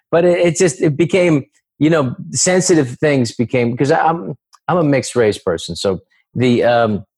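A man's voice: medium pitch, darkish tone, husky, no echo. A man, a comedian and actor, chatting as a guest in an interview, rambling and acting out voices. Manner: rambling, many restarts, acts out voices. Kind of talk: casual interview chat.

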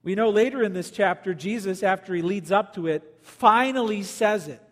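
High-voiced male preacher in a reverberant hall. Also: normal speed. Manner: preaching with swings between loud emphasis and quiet low lines. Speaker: pastor. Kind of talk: sermon.

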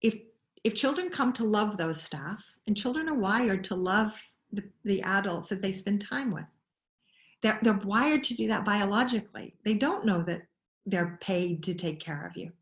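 A middle-aged woman explains her views in a conversational interview. She thinks aloud, pausing and restarting sentences as she goes. Her voice sits at an ordinary pitch, and the room around her adds a clear echo. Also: expressive. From Scotland. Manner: thoughtful, many restarts and pauses. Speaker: guest expert on child attachment. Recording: roomy echo.

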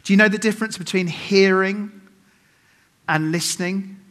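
A man's voice: high voice, fairly even intonation, normal speed, fairly bright tone. Joking middle-aged male preacher. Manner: humorous storytelling with acted quotes; self-mocking asides to the congregation. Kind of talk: sermon. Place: church service.

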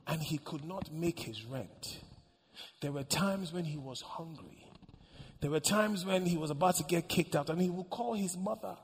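A man preaching a sermon as pastor, swinging from loud cries to hushed whispers. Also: a little high, normal speed, long reverb tail, slight background noise.

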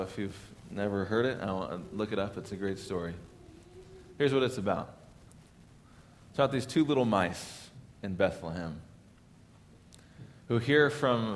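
A male pastor giving an earnest Christmas sermon, rising in force, then dropping to soft emphasis. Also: lowish voice, slight background noise.

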